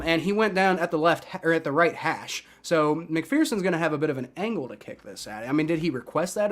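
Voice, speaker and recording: A man calls a game live as a fan, musing aloud and restarting his sentences. His voice sits high, with a bright, forward edge. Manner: thinking aloud, unsure, repeats words. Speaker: fan commentator. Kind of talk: live play-by-play reaction.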